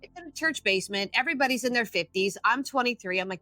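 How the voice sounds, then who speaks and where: Bright, animated woman storyteller. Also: on the high side, quick pace, dry recording, soft background music. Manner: animated, acts out quotes. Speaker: guest, addiction coach. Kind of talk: casual storytelling.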